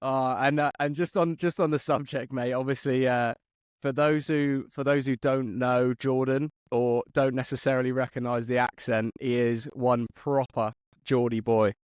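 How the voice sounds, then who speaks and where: An English man hosts a relaxed podcast chat and keeps calling his guests mate. His voice sits at a middle pitch. The mic is close and dry. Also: normal speed, clean tone, no room sound. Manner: friendly, calls everyone mate. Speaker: podcast host. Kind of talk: casual chat.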